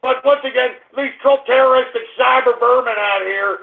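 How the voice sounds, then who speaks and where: A man's voice: extremely high pitch, normal speed, creaky, reverberant. A male radio show host ranting in exasperation, stammering and restarting as he complains to his listeners. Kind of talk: call-in radio show rant. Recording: phone-like narrow radio audio.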